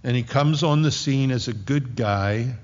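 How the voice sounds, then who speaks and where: A man preaching a sermon to his congregation in a relaxed, conversational way, with sarcastic asides. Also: medium pitch, unhurried, in a large hall, highs cut off. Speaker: pastor.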